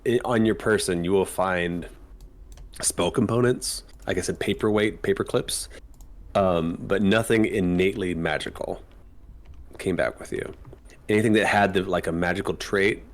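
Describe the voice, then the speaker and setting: A man's voice: low-pitched, normal speed. A man running a tabletop game as game master, narrating casually with fillers and easy laughs. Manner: laughs easily, hesitant fillers.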